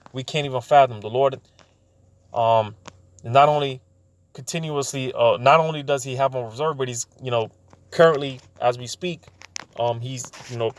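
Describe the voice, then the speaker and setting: Man, bible teaching, halting, lots of fillers and repeated words, slows for scripture reading. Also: mid-range voice. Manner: slows down to read scripture aloud.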